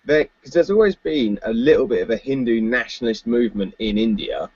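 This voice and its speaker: A man's voice: mid-range voice, expressive, brisk, darkish tone, slightly rough, no room sound. Chatty man on a dull dry mic. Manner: chatty, laughs often, many fillers. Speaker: podcast co-host. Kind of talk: casual political chat.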